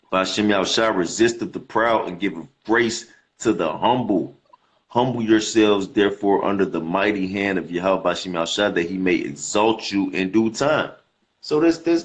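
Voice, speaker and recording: A man teaching scripture in a casual, slangy way, reading verses aloud and repeating words as he explains them. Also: lowish voice. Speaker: preacher.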